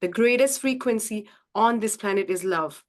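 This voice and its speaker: A mindset coach hosts a live-streamed group coaching session, speaking effusively and repeating phrases for emphasis. She addresses the audience directly as "guys" in a mid-range voice at a moderate pace.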